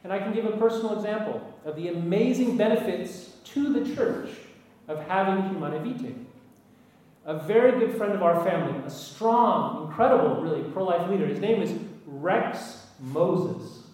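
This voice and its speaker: A man with a high voice gives an anecdotal talk to an audience, earnest, with emphatic lists and wry asides. He sounds distant from the microphone, and a strong echo of a large hall rings around each phrase. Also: expressive, normal speed, darkish tone. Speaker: speaker addressing an audience. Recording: echoey hall, voice from far off.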